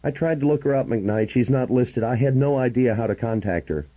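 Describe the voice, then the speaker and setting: A man's voice: mid-range voice, a little fast, muffled recording, pitched above the performer's own voice, close to an everyday voice. A male reader voicing an anxious, desperate grown man who pleads for help in an urgent, strained way. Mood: worried.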